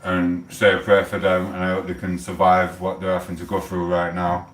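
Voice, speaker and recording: A man's voice: low-pitched, monotone, normal speed. A man, rambling and swearing in a heated rant on a casual livestream. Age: 40s. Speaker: livestream host. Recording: echoey room, mic held far off.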